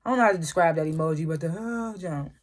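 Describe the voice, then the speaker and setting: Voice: medium pitch, brisk, darkish tone. A young adult host recapping a TV episode in a loose, slangy, chatty way, laughing often. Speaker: TV show reviewer.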